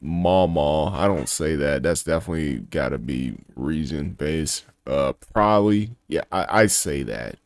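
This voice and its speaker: A man's voice: a bass voice, animated, measured pace, few pauses, dry recording, studio quality. A man hosting a reaction video, talking bluntly and casually, swearing and laughing often.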